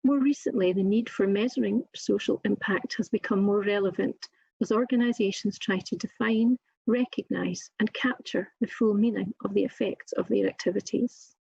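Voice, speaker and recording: Scottish woman, formal lecturer, measured and emphatic, breathy and dry, slightly dull recording. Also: medium pitch, a little mellow, no echo. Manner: measured, deliberate, emphatic delivery. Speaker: occupational therapy lecturer. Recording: muffled lo-fi recording.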